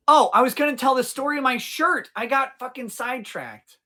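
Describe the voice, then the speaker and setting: A man's voice: extremely high pitch, a little fast, sharp tone. A man in his forties hosting a casual livestream outdoors, rambling, swearing freely and answering his chat. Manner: profane, rambling, talks to chat. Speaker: livestream host.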